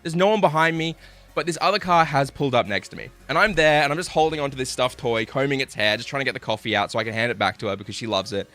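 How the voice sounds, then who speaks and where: A man's voice: mid-range voice, very fast, a bit bright, soft background music. A young man telling stories on a live stream, swearing and laughing as he chats with viewers. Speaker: livestreamer. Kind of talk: casual live-stream storytelling.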